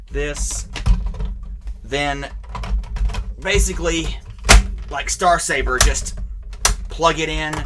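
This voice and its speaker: Man, toy reviewer, casual unscripted demo, rambling, self-correcting, excited, faint background hiss. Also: mid-range voice.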